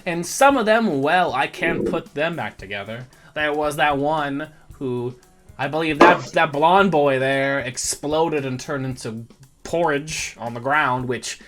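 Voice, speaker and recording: A game master voicing a pompous, mock-polite Southern gentleman crime boss with a put-on drawl in a tabletop game. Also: medium pitch, close to an everyday voice. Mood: smug. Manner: florid, genteel, mock-polite. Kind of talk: tabletop game role-play.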